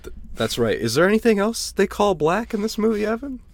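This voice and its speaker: A man co-hosting a casual comedic movie chat, dropping dry, deadpan jokes. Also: high voice, brisk, gravelly, no echo. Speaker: podcast co-host.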